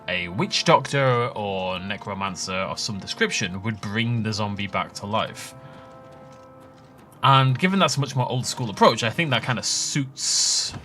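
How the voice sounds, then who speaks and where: A young adult man hosts a let's play, his voice lowish and a bit bright. He chats casually while he plays, wandering off on tangents and laughing through rambling asides.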